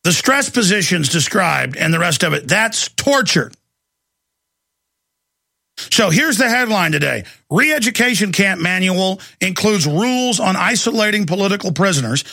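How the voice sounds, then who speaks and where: A man's voice: sits high, creaky, sharp tone, no echo, clean studio sound. A man hosting a talk show, delivering an emphatic, alarmist rant. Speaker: talk radio host. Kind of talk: ranting commentary.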